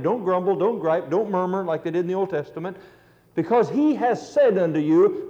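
A man's voice: fairly high pitch, mellow. A middle-aged man preaching a sermon, telling stories with earnest, rising emphasis. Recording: dull lo-fi recording.

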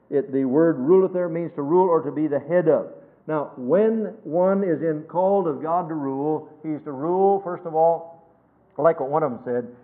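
A man preaching a sermon, emphatic, swinging between loud stresses and hushed phrases and quoting scripture in a measured cadence. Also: a little high. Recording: tinny phone-like sermon recording.

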